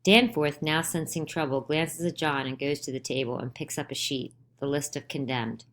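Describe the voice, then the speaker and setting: A woman reading the stage directions of a play aloud in a plain, measured way. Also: low-pitched, fairly bright tone, a little hiss or hum. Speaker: audiobook reader.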